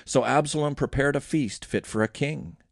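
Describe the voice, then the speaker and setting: A man hosting a daily Bible reading, reading scripture aloud with expressive, animated delivery. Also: medium pitch, moderate pace, vocal fry, no echo, studio quality. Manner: expressive reading with lively voiced quotes.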